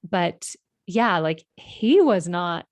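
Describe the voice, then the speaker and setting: A woman's voice: on the low side, lively intonation, extremely slow, no echo. A woman in her thirties hosting a podcast, telling a personal story in a casual, emotional way with many fillers. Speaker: podcast host.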